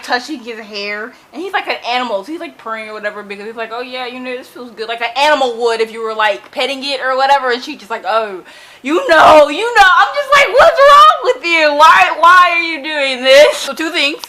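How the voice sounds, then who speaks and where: A young woman vlogging casually about a book she is reading, animated and exasperated, talking with many fillers while she is losing her voice. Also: on the high side, a little hiss or hum, rough recording. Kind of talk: casual reading reaction vlog.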